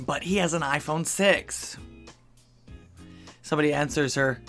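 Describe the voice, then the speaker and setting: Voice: medium pitch, moderate pace, a bit bright, faint music behind. A channel host at home in Texas, reading funny social media posts aloud and adding dry asides between them, with chuckles at the jokes.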